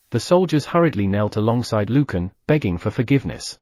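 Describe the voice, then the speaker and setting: A man reading an audiobook novel in steady, scripted narration. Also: medium pitch, normal speed, hardly any pauses, no echo, clean studio sound. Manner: steady storytelling read.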